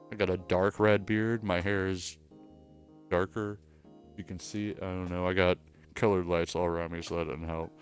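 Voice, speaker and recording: A man streaming from home, chatting casually in a rambling, crude, joking way. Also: low-pitched. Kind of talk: casual livestream chat.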